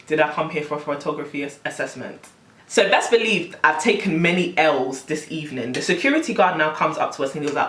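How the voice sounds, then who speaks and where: A young woman telling a story on her vlog, animated and exasperated, full of slang. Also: sits low, quick pace, far from the mic. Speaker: vlogger. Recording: roomy, camera set back.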